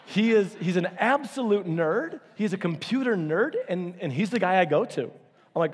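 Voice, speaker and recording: A male pastor delivers a sermon in a church auditorium, his voice a touch high and slightly husky. He tells stories animatedly, acting out quotes with sudden leaps in pitch. A long reverb from the hall trails every phrase. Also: moderate pace.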